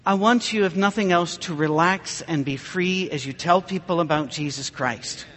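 A man's voice: fairly high pitch, moderate pace, a bit bright, long reverb tail. A man preaching a humorous sermon, telling stories in a dry way and acting out the people in them. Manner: dry storytelling with mock dialogue.

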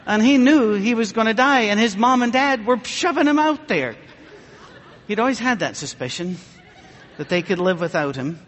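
A man delivers a sermon full of wry anecdotes, mocking himself with a dry wit. His voice sits high for a man, and it rings out with a long reverb, as if through a large church hall. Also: lively intonation, normal speed, fairly bright tone, a faint crowd, a little hiss or hum. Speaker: preacher. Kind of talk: humorous sermon with storytelling.

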